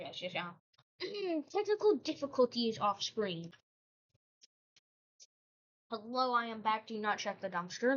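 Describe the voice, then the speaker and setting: A woman host telling a made-up history story in a casual, rambling way, breaking off into joking asides. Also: fairly high pitch. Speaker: channel host. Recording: dull lo-fi recording.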